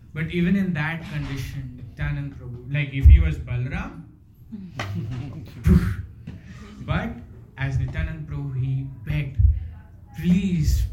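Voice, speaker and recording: A man's voice: medium pitch, dark tone. Earnest male speaker in an echoey hall. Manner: earnest, fond of rhetorical questions and "you know". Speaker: devotional speaker. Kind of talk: devotional storytelling talk. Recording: echoey hall with faint noise.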